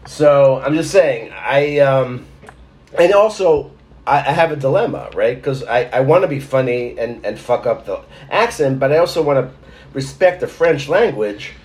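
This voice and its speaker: A man's voice: medium pitch, expressive, normal speed, darkish tone. A man chatting casually on a podcast, rambling and self-deprecating, laughing often. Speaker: podcast host. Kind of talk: casual chat.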